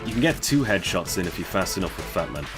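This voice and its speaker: A man's voice: low voice, big pitch swings, fast, over music. A man giving casual, profane, wry commentary while he plays a video game. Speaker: gaming streamer. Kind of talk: casual let's-play commentary.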